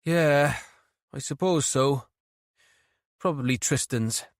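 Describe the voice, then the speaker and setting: A man's voice: mid-range voice, slow pace, dry recording, clean studio sound. A man reading an audiobook, voicing a cheeky, eager young male detective constable.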